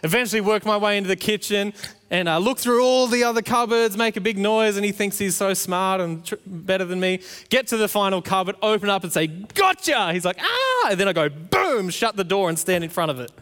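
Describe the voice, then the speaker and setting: High-voiced pastor in a reverberant hall. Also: male voice, brisk, a bit bright, clean tone. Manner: storytelling with playful acted-out quotes. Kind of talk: sermon.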